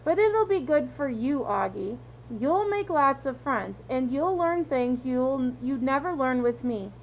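A woman reading a storybook aloud, voicing a mother gently coaxing her son. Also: high voice, lively intonation, a little slow, slight background noise, low-quality recording.

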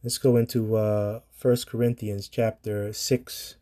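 A man's voice: on the low side, level tone, takes it slowly, mellow. A man giving an informal sermon in a rambling, preachy way, with filler words and casual swearing.

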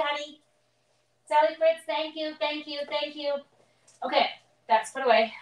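A woman's voice: medium pitch, rough recording. A middle-aged woman casually demonstrating card making on a live stream, chatting and greeting viewers by name as she works.

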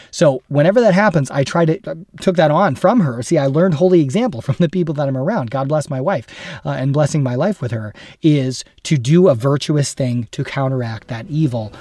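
A man's voice: fairly high pitch, lively intonation, darkish tone, faint music behind. A middle-aged man hosting a Catholic devotional series, reading a spiritual classic aloud in an earnest, devout way, then reflecting on it. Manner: earnest and devout, slowing for emphasis.

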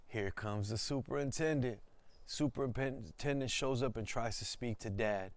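A man's voice: medium pitch, measured pace, no echo. A male teacher reading a picture book aloud as a lesson, enthusiastic and speaking straight to his listeners. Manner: enthusiastic, exclaiming and addressing listeners. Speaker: ethnic studies teacher. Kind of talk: storybook read-aloud lesson.

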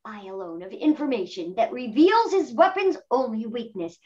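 Woman voicing a pompous boy hero, high animated voice, lo-fi. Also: moderate pace, lightly acted. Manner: grand, self-important declaring. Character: bold boy genius, pompous space hero.

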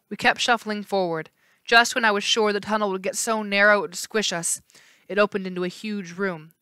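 A woman teacher reading a novel aloud in a steady storytelling voice with small slips. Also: medium pitch, a little fast, smooth, no room sound.

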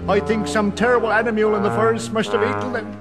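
A man voicing a worried, gentle father in a storybook, speaking softly. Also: high-pitched, little pitch movement, fast, loud music behind the voice, lightly acted.

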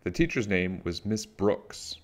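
A man reading a children's picture book aloud with animated storytelling. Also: lowish voice, unhurried.

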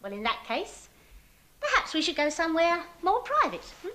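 An actress playing a flirtatious cockney wench who puts on an obviously fake French accent and teases coyly. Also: female voice, very high voice, wildly swooping pitch, moderate pace, pushed and bright, full character voice. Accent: Cockney putting on a bogus French accent. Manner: coy, teasing, giggly.

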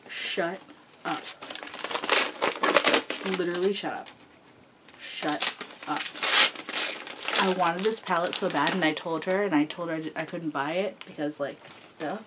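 A young woman vlogger gushing excitedly as she unboxes gifts, full of "like" fillers. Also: fairly low pitch, normal speed, long pauses, very noisy. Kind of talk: gift unboxing chat.

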